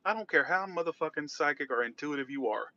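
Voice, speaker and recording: Bright-voiced man chatting from his car. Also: fairly high pitch, animated, fast talker, highs cut off. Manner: rambling, reacts to chat and traffic. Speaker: tarot reader livestreaming. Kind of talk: casual livestream chat. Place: in a car driving.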